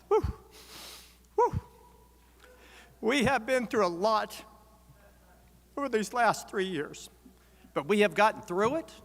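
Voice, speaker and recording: An American man, an organization's president, gives a convention speech in a large hall and rouses the crowd to shout and chant. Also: high-pitched.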